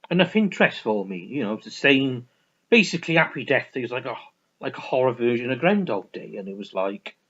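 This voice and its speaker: A man's voice: on the high side, husky. A man rambling through a casual film review, restarting sentences and swearing freely. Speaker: vlogger reviewing films. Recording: dull lo-fi recording.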